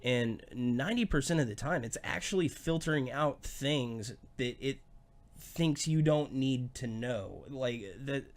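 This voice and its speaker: A man hosting a podcast in casual chat, cracking dark deadpan jokes. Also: mid-range voice, a little slow. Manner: joking, dark deadpan humor. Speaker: podcast host.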